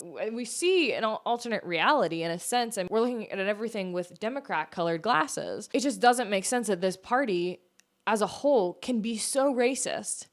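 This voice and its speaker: A woman from the United States hosting a podcast, delivering an opinionated political monologue in an emphatic, argumentative way, full of rhetorical questions. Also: medium pitch. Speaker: podcast host.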